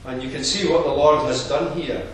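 A man delivers a sermon in a measured, earnest way, explaining the text point by point. His voice sits at an everyday pitch and carries a heavy echo. It sounds recorded from a distance in a large hall, with faint room noise underneath. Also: fairly even intonation, a bit bright. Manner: measured, earnest expository preaching. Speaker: preacher.

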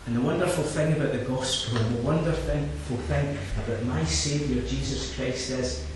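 A man preaching a sermon, swinging from low quiet asides to loud impassioned climaxes and repeating his key phrases. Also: fairly even intonation, moderate pace. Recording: very echoey, from a distance, faint background noise.

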